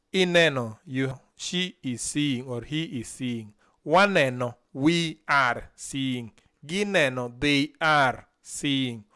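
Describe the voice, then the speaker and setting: Here a language teacher with a slightly high, fairly bright, clean voice leads a vocabulary lesson on a live stream. Each word gets split into syllables, and then a learner repeats it after him.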